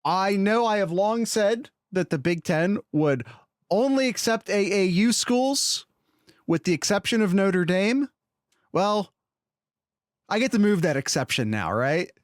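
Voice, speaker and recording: A man co-hosting a sports podcast, talking casually in an animated, opinionated way with quick restarts. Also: high voice, dry recording, studio quality. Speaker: podcast co-host.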